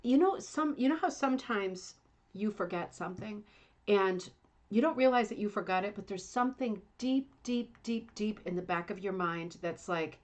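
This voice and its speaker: A middle-aged woman hosting a casual livestream chat from home, chatty, rambling and self-deprecating. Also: medium pitch. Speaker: livestream host. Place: home, Indiana.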